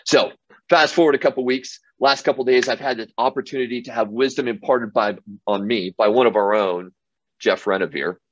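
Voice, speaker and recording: A man's voice: mid-range voice, a little fast, dull audio, slight background noise. A man hosting a motivational show, telling stories casually with lots of fillers and restarts. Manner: enthusiastic, loose, many fillers and restarts. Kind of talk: casual storytelling monologue.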